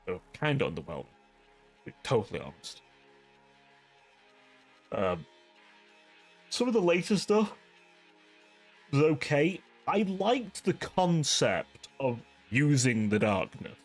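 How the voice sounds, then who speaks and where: This livestream host speaks at medium pitch with wildly swooping intonation, taking it slowly and pausing often over soft background music. His casual chat with viewers is rambling, profane, and ranting, heavy on "like."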